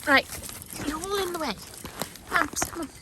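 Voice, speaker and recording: A woman's voice: extremely high pitch, moderate pace. A woman chatting casually to a phone camera while walking her dogs outdoors, rambling with lots of fillers and stopping to talk to the dogs. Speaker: dog owner vlogger. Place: outdoors on a dog walk. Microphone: handheld phone camera. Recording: phone video outdoors with clear background noise.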